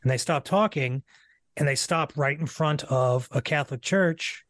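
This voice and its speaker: A man guesting on a podcast, talking in a halting way with many fillers. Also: a little high, fairly bright tone, dry recording. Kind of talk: casual film discussion.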